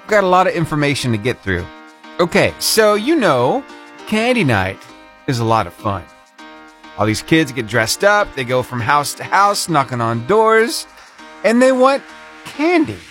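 A man's voice: a little high, big pitch swings, moderate pace, a bit bright, faint music behind. A man hosting a short radio feature segment, telling the story in a chatty, playful way with punchy emphasis. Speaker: radio host.

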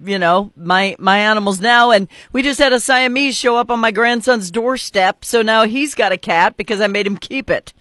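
A woman's voice: mid-range voice, moderate pace, hardly any pauses, fairly bright tone, no room sound. An older woman from North Dakota hosting a casual radio interview. She is chatty, blunt and laughs easily. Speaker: radio host.

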